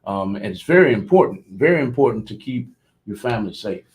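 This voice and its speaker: A man's voice: lowish voice, expressive, fairly quick, low-quality recording. A man hosts a local radio show. His talk is folksy and loose, and he repeats phrases as he goes.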